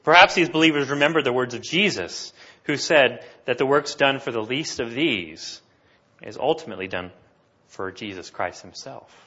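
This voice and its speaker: A man preaching a sermon, explaining scripture in an animated way and asking his listeners questions. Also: medium pitch, moderate pace, husky, muffled recording. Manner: animated, asks the congregation questions.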